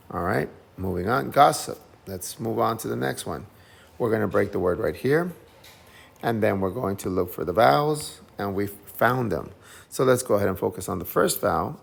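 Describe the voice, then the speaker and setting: A man's voice: on the low side, expressive, normal speed, creaky. A man teaching English phonics, patiently sounding out each syllable and repeating whole words several times. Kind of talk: phonics lesson.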